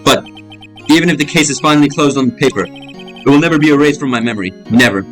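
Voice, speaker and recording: A man's voice: fairly high pitch, fast talker, fairly bright tone, soft background music. Young man reading a game, casual. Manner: casual, filler-heavy, says bro. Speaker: gaming YouTuber.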